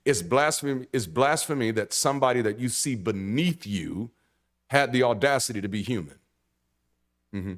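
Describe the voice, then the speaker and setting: A man preaching in a conversational sermon style, blunt and animated, swearing casually and restarting sentences. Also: mid-range voice, moderate pace. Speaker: pastor.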